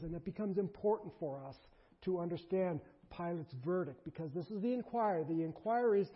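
A man preaching a sermon in an animated way, surging to emphatic bursts and dropping low, recorded in a large hall. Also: slightly rough. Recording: dull lo-fi recording in a reverberant hall.

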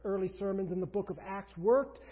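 A pastor preaching a sermon, emphatic, with rhetorical questions, swinging between loud and hushed. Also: male voice, high-pitched, fairly quick, slightly rough. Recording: reverberant hall, dull lo-fi sound.

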